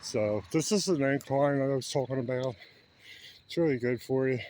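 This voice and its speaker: A man's voice: medium pitch, moderate pace, warm tone, a little hiss or hum. A man in his seventies chatting casually while walking a park trail, rambling as he goes. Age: 70s. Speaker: vlogger.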